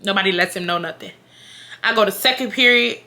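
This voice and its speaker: A woman's voice: medium pitch, fairly quick, bright, forceful tone. A young woman telling a story on her vlog. She is blunt and profane, and speaks straight to her viewers. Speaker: vlogger.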